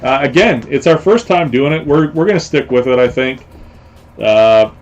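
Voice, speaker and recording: A man of middle pitch hosts a casual live stream, talking in a loose, rambling way. He leans on fillers and keeps repeating the same stock phrases. The audio is a bit muffled and dull. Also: normal speed, soft background music. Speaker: host.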